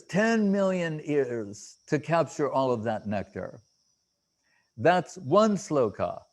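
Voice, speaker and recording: A man giving a devotional talk as a spiritual teacher, halting often with fillers and restarts and reciting Sanskrit verses haltingly. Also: a little high, a little mellow.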